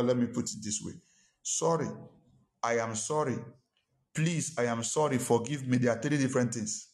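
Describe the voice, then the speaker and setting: Preaching to his congregation, a pastor shares something from his own life and drives the lesson in through forceful repetition. The man's voice is pitched in an ordinary middle range and has a somewhat dark color.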